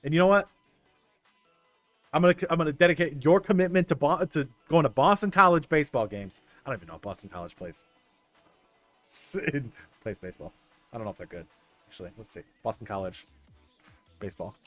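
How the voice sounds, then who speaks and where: A young man streaming a baseball management game, chatting casually with his viewers, excitable and stumbling over restarts. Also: fairly high pitch, a little fast, pauses often. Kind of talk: casual gameplay commentary talking to chat. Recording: dry close mic with faint game music.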